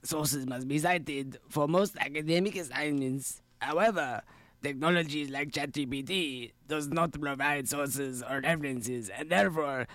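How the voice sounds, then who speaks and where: A man voicing a French smoker with a rough, gravelly voice, reading a paragraph as a comic bit. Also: on the high side, fairly even intonation, unhurried, bright, forceful tone, no echo, exaggerated voice. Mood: gravelly deadpan. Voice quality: gravelly vocal fry. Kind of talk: comedic accent reading.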